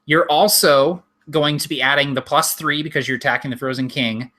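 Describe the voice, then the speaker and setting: A young man acting as game master, explaining rules briskly and describing the action, laughing often. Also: fairly high pitch, steady tone, pushed and bright. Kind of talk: narrating a tabletop game.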